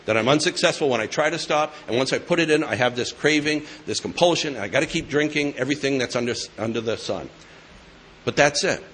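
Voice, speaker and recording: A man's voice: medium pitch, a bit bright, a little hiss or hum. A man sharing his recovery story with an audience in a casual, joking way, with a New England accent. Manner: conversational, joking asides. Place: meeting hall with live audience.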